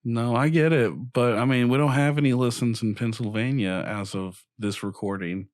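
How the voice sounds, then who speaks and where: A man co-hosting a podcast who talks in an unhurried way, laughs easily and fills pauses with ums. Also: mid-range voice, steady tone, a little mellow, no room sound, studio quality. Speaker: podcast co-host. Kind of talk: casual comedic chat.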